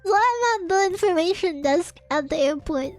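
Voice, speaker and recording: A woman's voice: very high-pitched, animated, normal speed, faint music behind. A young Australian woman streamer telling a chaotic story to her chat, laughing often and swearing. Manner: laughs often, swears, emotional and breathless retelling. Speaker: VTuber streamer. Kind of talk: casual storytelling rant to chat.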